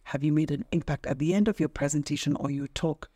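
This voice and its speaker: A woman's voice: low voice, fast, dark tone. A middle-aged woman speaking as a podcast guest, an emphatic, teacherly trainer who asks rhetorical questions. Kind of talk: casual podcast interview.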